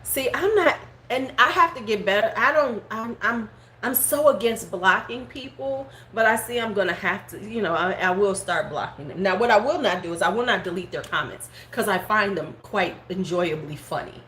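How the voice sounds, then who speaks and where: A woman's voice: mid-range voice, normal speed, a bit bright. A middle-aged woman hosting a casual livestream beauty vlog, talking frankly and bluntly, laughing often and answering viewers' comments. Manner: talks back to live chat comments. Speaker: beauty vlogger host. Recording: roomy home room with faint background noise.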